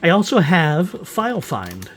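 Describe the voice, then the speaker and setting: A software developer walks through utilities he wrote in an unscripted screen recording, his voice on the high side with wildly swooping pitch. He rambles haltingly, with many uhs and restarts.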